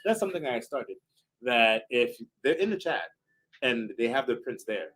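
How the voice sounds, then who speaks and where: A man's voice: medium pitch, poor audio. A man hosting a live stream, talking energetically with lots of fillers and hype. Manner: energetic hype, fast filler-laden talk. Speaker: stream host.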